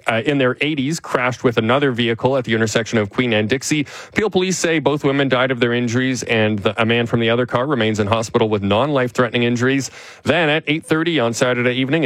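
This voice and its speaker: A man reading the news on the radio as anchor, in a steady measured delivery, recorded in a studio. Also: medium pitch, no room sound, low-quality recording. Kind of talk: radio newscast. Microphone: studio microphone.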